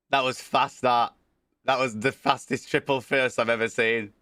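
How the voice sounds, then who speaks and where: Bright-voiced streamer man with a cold. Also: medium pitch, no room sound, clean studio sound. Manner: chatty, greets viewers by name, swears casually. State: has a worsening cold. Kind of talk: casual livestream chat.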